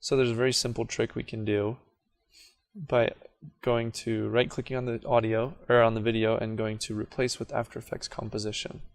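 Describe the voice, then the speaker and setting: A man's voice: mid-range voice, normal speed. A man casually talking through a video editing tutorial as he clicks along, correcting himself now and then. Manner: relaxed, self-correcting, talks through clicks as he works. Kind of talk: casual screen-recorded software tutorial.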